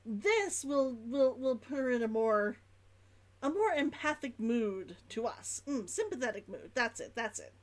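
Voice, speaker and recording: A woman's voice: on the high side, sing-song, a little slow. A woman streamer chatting casually through a game, giggly and laughing often. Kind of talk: gaming livestream chat.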